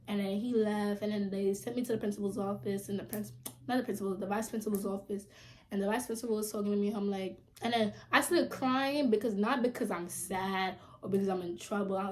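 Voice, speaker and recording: A young woman vlogger telling a storytime, animated and blunt, acting out quoted lines with loud bursts and casual swearing. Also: medium pitch. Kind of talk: storytime vlog.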